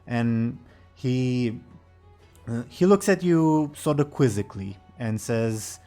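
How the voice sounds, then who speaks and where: A man's voice: medium pitch, animated, takes it slowly, warm tone, faint music behind. A man narrating a tabletop game as game master, casual and laughing often.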